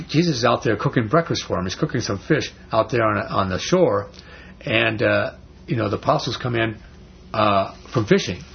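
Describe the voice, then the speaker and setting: A man's voice: lowish voice, creaky. A man leading an informal Bible study for a small group, talking in a rambling, conversational way with lots of "you know" and "okay?". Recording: dull lo-fi recording with faint noise.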